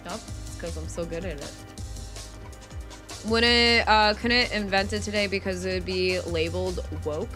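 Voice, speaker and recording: A woman's voice: fairly low pitch, unhurried, bright, forceful tone, faint music behind. A woman streaming live, chatting casually and answering her chat with frank, profane talk.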